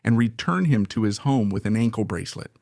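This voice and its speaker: A man with a gravelly edge to his voice delivers opinionated commentary, leaning hard on his points and stacking rhetorical questions. The sound is close and dry, with no room around it. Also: fairly low pitch, lively intonation, a little fast, darkish tone, no room sound. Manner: emphatic, repeats points and fires rhetorical questions. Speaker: political commentator. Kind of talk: opinionated current-affairs commentary.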